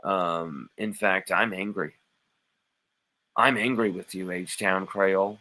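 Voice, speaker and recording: A man's voice: low voice, takes it slowly, bright, forceful tone, rough recording. A man hosting a live sports stream, reading chat comments aloud and arguing back with playful mock indignation.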